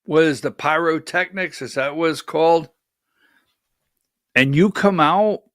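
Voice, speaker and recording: At a measured pace, a man with a slightly high, somewhat bright voice hosts an opinionated political livestream, blunt and skeptical with rambling digressions. Clean studio sound, no room sound.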